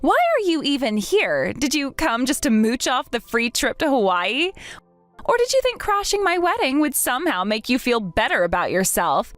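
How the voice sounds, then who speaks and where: A woman's voice: high voice, big pitch swings, normal speed, a bit bright, no room sound, faint music behind. A woman voicing a snobbish, entitled young bride who talks down to others in a mocking, haughty way, in a dramatized story. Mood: scornful.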